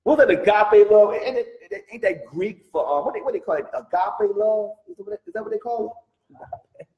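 A man with a high, animated, darkish voice leads a Bible study at normal speed, emphatic and firing off rhetorical questions while calling the listener "brother." The recording sounds reverberant and muffled.

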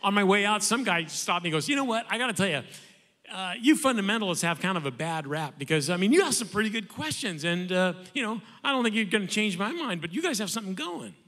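A man on a church conference panel telling a lively anecdote, acting out the other voices. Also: high-pitched, fast talker. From Southern California. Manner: animated, acts out voices in anecdotes. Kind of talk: storytelling on a panel. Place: large church hall. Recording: long hall reverb.

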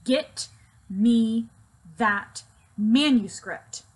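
A woman's voice: on the high side, big pitch swings, normal speed, fairly bright tone, slightly rough, exaggerated voice. A woman voicing a ruthless middle-aged male villain who gives clipped, emphatic commands while reading a children's novel aloud. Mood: commanding.

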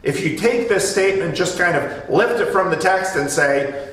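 A man with a fairly high voice leads a conversational Bible study, explaining and telling stories while he repeats the starts of his phrases. He sounds distant from the mic in an echoey church room. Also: lively intonation, measured pace, a bit bright. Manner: explanatory, storytelling, restarts phrases.

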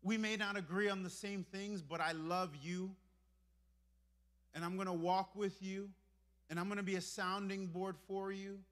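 A pastor from Brooklyn, New York, delivering a lively sermon in a church. He swings from soft, confiding lines to loud, emphatic ones. His voice sits high for a man and sounds bright and forceful. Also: moderate pace. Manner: animated preaching that swings from hushed to emphatic. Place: church sanctuary.

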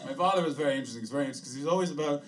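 A man doing a stand-up comedy set for a live album, telling dark stories in a deadpan way with sudden loud asides. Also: on the high side, racing, recorded from a distance. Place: hot, narrow comedy room. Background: audience laughter.

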